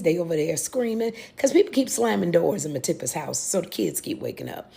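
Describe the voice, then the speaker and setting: A young American woman recapping a TV series in a casual, animated way, with exclamations and blunt asides. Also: fairly low pitch, brisk, vocal fry, few pauses. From United States. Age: young adult. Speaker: reaction video host.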